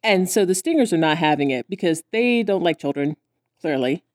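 A woman's voice: on the low side, expressive, moderate pace, a little mellow, dry recording, clean studio sound. A woman co-hosting a casual podcast, recapping a cartoon and acting out the characters' lines in voices. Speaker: podcast co-host.

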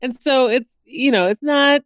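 A woman co-hosting a podcast in casual chat, animated and quick to laugh. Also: high-pitched, dry recording. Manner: chatty, animated, laughs often. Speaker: podcast co-host.

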